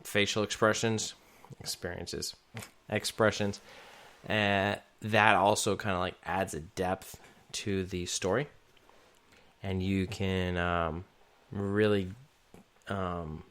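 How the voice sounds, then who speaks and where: A man with a lowish, smooth voice talks loosely through a gaming podcast. He circles his points, restarts sentences and leans on fillers as he goes. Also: level tone, slow, pauses often, fairly bright tone. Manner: rambling, many restarts and fillers. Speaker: podcast co-host. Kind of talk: casual gaming chat.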